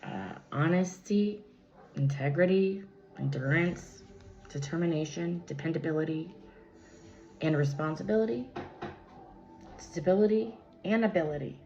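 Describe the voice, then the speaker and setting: Speaking at a measured pace with long pauses, a woman in a lowish, somewhat mellow voice gives a relaxed spiritual tarot reading full of tangents and fillers. The phone recording sounds dull and lo-fi, with room echo and faint music.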